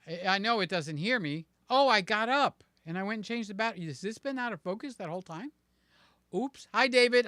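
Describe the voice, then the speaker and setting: A man hosting a live stream, chatting casually and warmly greeting his viewers by name. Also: high-pitched, clear, resonant tone, no echo, clean studio sound. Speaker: livestream host.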